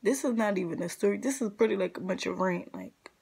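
A woman's voice: medium pitch, quick pace, vocal fry, a little mellow, husky. A young adult woman vlogger telling a casual storytime rant, blunt, profane and exasperated, full of slang.

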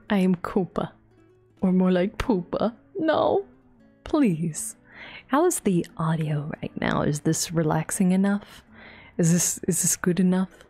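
A woman streamer doing a whispered ASMR stream on a desktop mic, swearing and breaking into shrieks between soft whispers. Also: on the low side, animated, measured pace, slightly rough, soft background music. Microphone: desktop USB mic.

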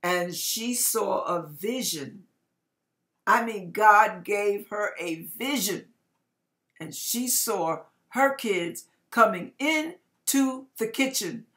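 An older woman preacher giving a dramatic testimony, swinging from loud outbursts to hushed lines in an emphatic, folksy way. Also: mid-range voice, animated, takes it slowly. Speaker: ministry preacher.

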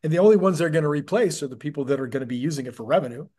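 A male host in a casual interview chat, hoarse and getting raspier, talking in a chatty way with many restarts. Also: fairly high pitch, animated, very fast, mellow. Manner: chatty, with frequent restarts and fillers.

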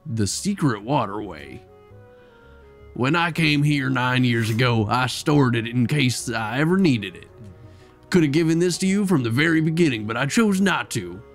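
A man reading as a blunt, gruff mechanic. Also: mid-range voice, lively intonation, moderate pace, faint music behind, natural voice.

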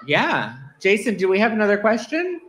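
A man's voice: high-pitched, wildly swooping pitch, normal speed, a bit bright. A man hosting a live interview at a bar venue, asking questions in an upbeat, teasing way. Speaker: podcast host.

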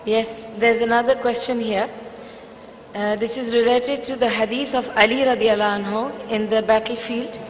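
A woman with a fairly high voice reads out a question in a plain, measured way. Her voice rings in a roomy, echoing hall with faint noise underneath. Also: steady tone. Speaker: question reader at a lecture. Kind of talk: reading out an audience question.

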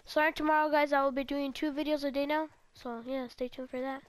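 A woman's voice: sits high, flat delivery, brisk. A teenage girl giving casual, rambling gameplay commentary and talking straight to her viewers. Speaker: gaming video creator.

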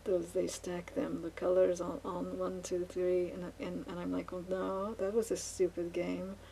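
A woman rambling in a casual monologue while she paints, halting often with fillers and restarts as she muses aloud. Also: on the low side, little pitch movement, creaky, dark tone, a little hiss or hum, rough recording. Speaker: vlogger.

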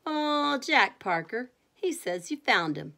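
A woman voicing a rough schoolboy bully in a bedtime storybook reading, speaking loudly and mockingly. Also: a little high, sing-song, slow, pitched above the performer's own voice, heavily acted. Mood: taunting. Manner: taunting, loud.

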